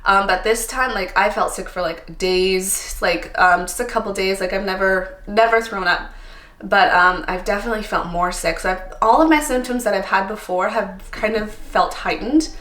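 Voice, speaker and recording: A woman's voice: mid-range voice, normal speed, fairly bright tone. A woman in her thirties from Canada, chatting casually to camera as a vlogger, candid and tired, filling her talk with ums and likes. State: tired, a little emotional. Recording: echoey room.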